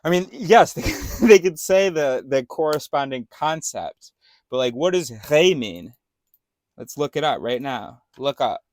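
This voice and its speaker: A man's voice: a little high, sing-song, a little slow. A man vlogging in a casual, meandering monologue, thinking aloud with many fillers and restarts and swearing now and then.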